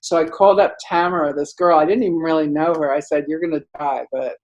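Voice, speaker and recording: A middle-aged woman telling a rambling story in casual chat, acting out quotes loudly with lots of "like". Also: deep voice, fast talker, dull audio. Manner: animated, acts out quotes loudly; rambling, many "like" fillers.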